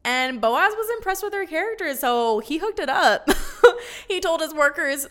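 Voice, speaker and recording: A bubbly woman walks through a Bible story as a casual lesson, chatty and quick with laughing asides. Her voice is bright and crisp. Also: sits high, lively intonation. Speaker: Bible teacher.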